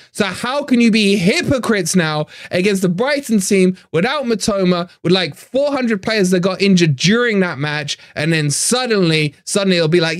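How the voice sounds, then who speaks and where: A man's voice: sits high, no echo, studio quality. A man hosting a fan channel live stream, ranting in frustration, swearing and repeating himself.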